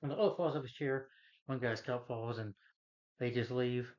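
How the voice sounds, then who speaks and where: A man's voice: mid-range voice, a little mellow. Rambling man retelling a movie plot. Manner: rambling, halting, full of "you know" and restarts. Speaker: movie reviewer. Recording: slightly dull lo-fi recording.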